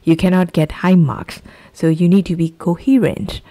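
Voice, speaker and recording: A woman's voice: on the low side, steady tone, moderate pace, warm tone. A woman with a Burmese accent, a native Burmese speaker, patiently explaining the IELTS speaking test as a teacher. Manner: explaining patiently, asks for agreement.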